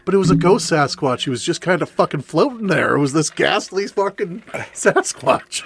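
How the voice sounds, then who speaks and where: Animated storytelling man, lively pitch. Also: normal speed, vocal fry, breathy edge. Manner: swearing, laughing, acting out his own shouts. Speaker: podcast guest. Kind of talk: casual storytelling.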